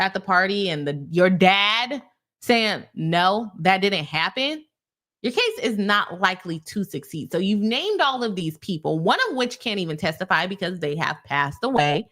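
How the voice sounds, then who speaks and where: Young woman, legal commentary host, casual live-stream, animated, heated, talks to viewers as y'all, mid-pitched voice. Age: young adult.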